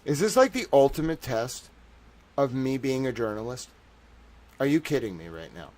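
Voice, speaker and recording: A young man hosting a livestream, ranting excitedly and profanely, swinging from shouting outrage to low muttering. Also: normal speed. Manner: profane, emphatic. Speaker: livestream host.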